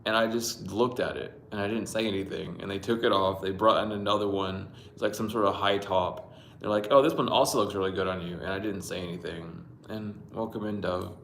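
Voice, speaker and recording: Livestream host, male, lowish voice, rambling and profane, greets viewers, echoey room. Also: steady tone, moderate pace, creaky, fairly bright tone, slight background noise. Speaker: livestream host reading dreams. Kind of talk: casual livestream dream storytelling. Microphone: Bluetooth mic.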